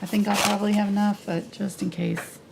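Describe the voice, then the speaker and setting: A woman's voice: medium pitch, flat delivery, fairly quick, vocal fry, noisy background. A woman teaching a live painting tutorial, chatty and explaining each step as she mixes her colours, laughing easily. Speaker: painting instructor.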